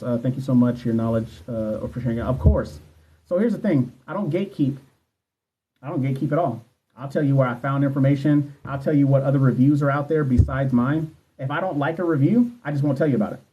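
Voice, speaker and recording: On a phone livestream with a muffled sound, a man in his thirties with a mid-range voice coaches nursing exam students. He chats casually and swears freely, speaking candidly and directly to viewers as he answers their questions.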